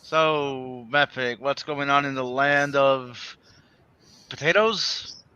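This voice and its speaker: A man's voice: mid-range voice, slow pace, sharp tone, smooth, lo-fi sound. A man hosting a livestream in casual chat, rambling and hesitant, repeating his words and swearing offhandedly. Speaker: livestream host.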